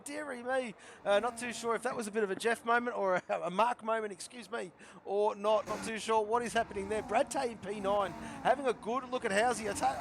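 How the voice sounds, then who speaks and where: Man, race commentator, high voice, gravelly and hoarse, faint hiss behind. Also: a bit bright. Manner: chatty, repeats phrases, calls drivers by nicknames. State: hoarse, voice giving out. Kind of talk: live sim racing commentary.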